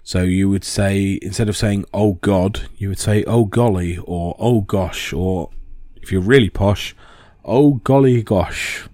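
A man's voice: deep voice, steady tone, a little slow, dark tone, no echo, studio quality. A man explaining in a casual, rambling talk with many ums and restarts.

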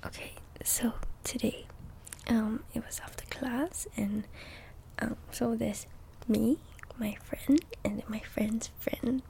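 Slow, whispering congested young woman. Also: a little high, steady tone, vocal fry, mellow. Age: young adult. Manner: chatty, rambling storytelling with frequent "okay?". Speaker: ASMR creator. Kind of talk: soft-spoken ASMR chat.

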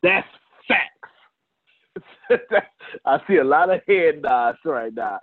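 A man leading a business coaching session on a video call. He talks in an animated way and addresses attendees by name. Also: fairly high pitch, takes it slowly, no echo. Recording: tinny phone-like call audio.

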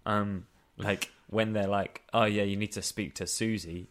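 Sarcastic man, lowish voice. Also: fairly even intonation, unhurried, few pauses, fairly bright tone. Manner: sarcastic, exasperated, swearing. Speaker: podcast co-host. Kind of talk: casual comedic film review chat.

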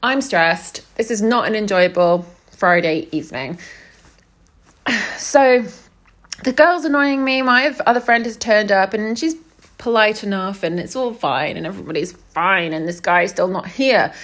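A young woman telling a story in a casual vlog, exasperated and quoting people as she goes. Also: mid-range voice. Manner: exasperated, animated retelling with acted-out quotes. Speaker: vlogger.

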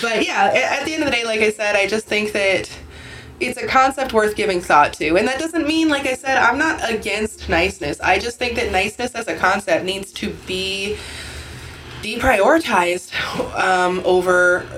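A woman's voice: mid-range voice, normal speed, a bit bright, a little hiss or hum. A woman from Canada hosting a casual podcast, rambling with lots of fillers and restarts, swearing now and then. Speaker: podcast host.

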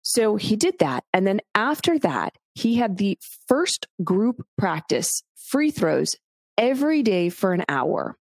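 A woman's voice: mid-range voice, very animated, slow, slightly rough, dry recording, studio quality. A woman hosting a solo podcast, talking bluntly and candidly to the listener with casual swearing. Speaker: podcast host.

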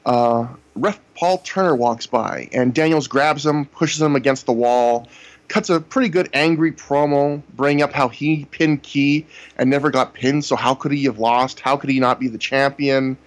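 A man's voice: medium pitch, normal speed. Chatty man recapping at length. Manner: recaps events at length with frequent "you know". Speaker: podcast co-host reviewing wrestling shows. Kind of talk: casual chat.

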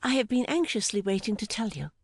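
A woman reading the part of a gentle, timid young woman, speaking softly and hesitantly with deep affection. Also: very animated, fast, slightly rough, heavily acted. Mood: tender. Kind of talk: audiobook dialogue reading.

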